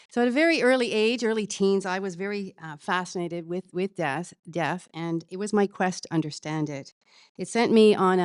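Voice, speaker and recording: An actress playing a funeral celebrant with new-age beliefs, speaking softly and earnestly, rambling with fillers. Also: female voice, fairly low pitch, no room sound, studio quality, close to an everyday voice.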